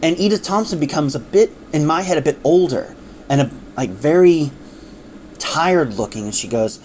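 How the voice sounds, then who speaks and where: A woman's voice: low-pitched, animated, normal speed, darkish tone, a little hiss or hum. A woman retelling an audio drama in a casual, unscripted way, rambling and full of fillers. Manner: rambling, many fillers and restarts.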